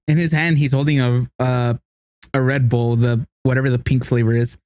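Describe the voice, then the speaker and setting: A man co-hosting a casual podcast, telling a story with lots of laughter and acted-out quotes in a higher voice. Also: level tone, moderate pace, darkish tone, no echo. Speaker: podcast co-host.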